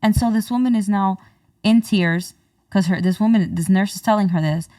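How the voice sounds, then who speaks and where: Animated woman telling a story, dry room. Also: medium pitch, normal speed, dry recording. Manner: animated retelling, many fillers and restarts. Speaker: podcast co-host. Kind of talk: casual storytelling conversation. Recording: dry, slightly distant mic.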